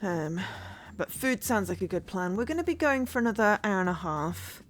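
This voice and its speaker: A woman's voice: medium pitch, big pitch swings, moderate pace, slight background noise. A woman streamer chatting casually and rambling as she plays a game, laughing easily. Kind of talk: casual let's-play commentary.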